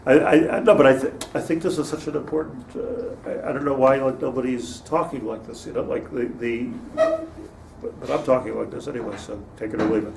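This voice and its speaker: A man's voice: mid-range voice, steady tone, a little fast, vocal fry, a little mellow. A man, a rabbi, giving an informal Torah lecture to a class, digressing, restarting sentences and laughing at his own jokes. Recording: roomy, distant mic with faint noise.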